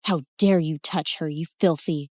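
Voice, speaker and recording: Cartoon role: woman playing a protective young guy, voice pushed lower, expressive. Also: fairly quick, dry recording, clean studio sound, natural voice. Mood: angry. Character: protective young man, angry then tender.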